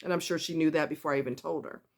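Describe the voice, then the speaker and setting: A woman's voice: sits low, fairly even intonation, racing. A woman telling a personal story in a casual vlog, blunt and emphatic, repeating herself for stress and speaking straight to the viewer. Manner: candid and conversational, with asides to the viewer.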